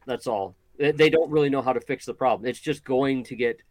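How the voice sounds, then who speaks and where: A man co-hosting a casual talk show, pushing back in a measured, skeptical way. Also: medium pitch, a little mellow, slight background noise. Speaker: podcast co-host. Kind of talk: casual chat.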